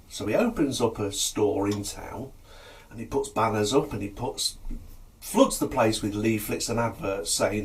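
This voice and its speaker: A man's voice: lowish voice, a little slow, distant mic. A man, chattily telling jokes to camera in a casual, storytelling way. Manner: chatty, lively, chuckles at own jokes.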